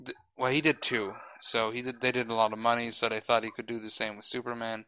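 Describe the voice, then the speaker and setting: Talking fast on his podcast, this host rambles through casual chat, opinionated, often restarting, and swearing now and then. His mid-range voice is bright and forceful yet fairly flat in pitch, and the poor audio has slight background noise.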